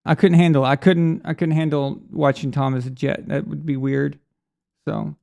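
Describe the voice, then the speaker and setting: A man's voice: on the high side, flat delivery, normal speed, creaky, a little mellow. A man hosting a live sports stream in a casual, rambling way, reading out viewer messages. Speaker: sports show host.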